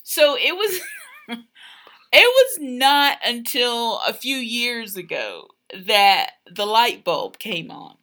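A woman's voice: fairly high pitch, slow pace. A woman co-hosting a podcast with her husband, telling stories expressively and laughing easily. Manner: warm, laughing, expressive storyteller. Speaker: podcast co-host. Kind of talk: casual chat about marriage.

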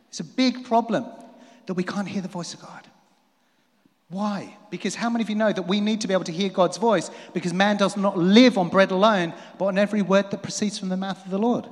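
A man preaching a sermon in a lively way, rising to emphatic peaks and dropping to quiet asides. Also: high voice, a little fast. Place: church hall. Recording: long hall reverb.

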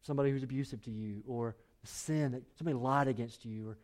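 A man's voice: mid-range voice, fast, darkish tone. A male pastor preaching a sermon in an emphatic, conversational way, often cutting in with "listen".

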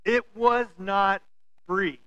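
A man's voice: sits high, extremely slow, smooth, lo-fi sound. A man in his forties preaching a sermon, telling stories and acting out quotes with humor. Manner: animated storytelling with acted-out quotes and humor. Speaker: pastor.

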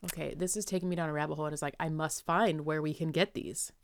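A woman's voice: low-pitched, fairly even intonation, fast, slight background noise. A woman co-hosting a podcast in a chatty, casual way, laughing easily. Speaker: podcast co-host.

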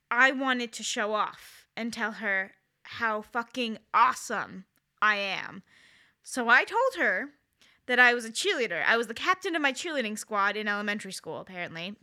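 A woman's voice: a little high, bright, forceful tone. A woman in her thirties co-hosting a podcast, talking in a candid, wry and self-deprecating way. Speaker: podcast co-host. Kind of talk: casual chat.

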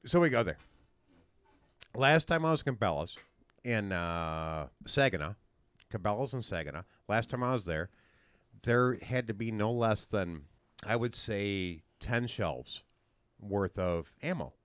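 A man's voice: lowish voice, lively intonation, measured pace, a bit bright, smooth, dry recording. A man hosting a casual podcast chat, rambling through stories with many restarts. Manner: rambling, with frequent restarts and fillers. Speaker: podcast host.

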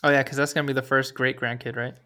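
A man's voice: medium pitch, flat delivery, fast, bright, forceful tone. A man co-hosting a podcast, chiming in with short reactions during casual chat. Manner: short reactive interjections, laughs along. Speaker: podcast co-host.

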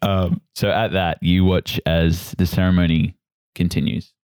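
A man narrating a tabletop game as game master in a relaxed, descriptive way. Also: deep voice, measured pace, clean tone, no room sound, studio quality.

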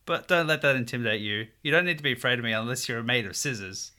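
A man voicing a gentle, friendly male alien made of rock, in a mild and reassuring way. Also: medium pitch, fast talker, natural voice.

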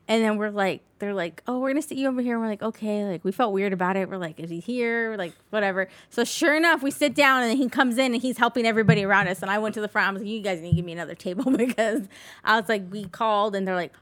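A woman's voice: medium pitch, fast talker, fairly bright tone. A middle-aged woman guest telling a story in a chatty way, acting out what people said. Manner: chatty, acts out quotes, laughs often. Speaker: podcast guest. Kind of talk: casual storytelling.

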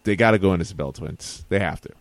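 A man co-hosting a podcast in casual chat, animated and quick to defend himself. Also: deep voice, dry recording. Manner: animated, defensive, laughs often. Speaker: podcast co-host.

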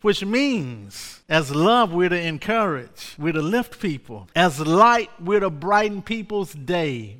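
A man preaching a sermon, leading the congregation in call-and-response and building to fervent shouts. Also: high-pitched, very animated, slow, hardly any pauses. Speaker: pastor. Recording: long hall reverb.

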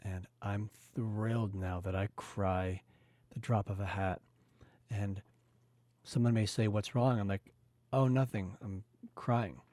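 A man's voice: on the low side, little pitch movement, unhurried, a little mellow, no room sound. A man hosting a podcast, talking in an earnest, reflective way with plenty of "you know" fillers. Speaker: podcast host. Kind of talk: casual podcast conversation.

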